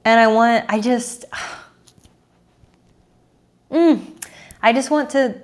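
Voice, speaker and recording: Earnest woman dating coach, fairly high voice. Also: drawn-out words. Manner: earnest, repetitive, sighing and emotional. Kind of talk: emotional monologue to camera.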